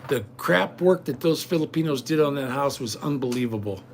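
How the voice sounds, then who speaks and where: A man's voice: medium pitch, animated, brisk, a little mellow, a little hiss or hum. A middle-aged man talking casually at home in a vlog, indignant and rambling. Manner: indignant, ranting. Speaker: vlogger.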